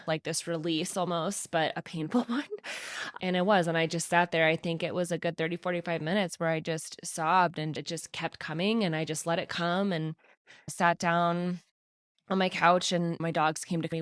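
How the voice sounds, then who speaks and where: A woman podcaster talks candidly to her listeners in a slightly low voice and is close to tears at times. Her talk is frank and heartfelt, with a lot of "like" and "right?" The recording is dry and close, with no room sound. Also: no room sound. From Colorado, USA. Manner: candid and emotional, talking through tears. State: tearful at times. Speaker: podcast host. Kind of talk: personal podcast monologue.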